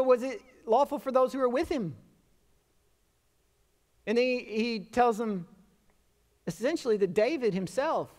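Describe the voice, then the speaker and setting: A male pastor preaches in a relaxed, talkative way, slipping in a joke at his own expense. His voice sits high for a man. The sound carries the long reverb of a church sanctuary. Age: adult with children. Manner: conversational preaching with self-deprecating humor and acted-out quotes. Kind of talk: sermon.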